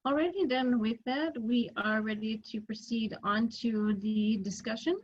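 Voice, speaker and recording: A woman giving a recorded online lecture, explaining step by step in a measured way, with some filler words. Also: a little high. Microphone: computer mic on a video call recording. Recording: dull lo-fi meeting recording.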